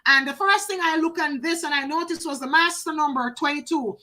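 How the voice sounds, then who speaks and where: A woman's voice: sits high, a little fast, sharp tone, poor audio. A woman doing a live oracle card reading, chatty, talking to viewers by name and repeating phrases for emphasis.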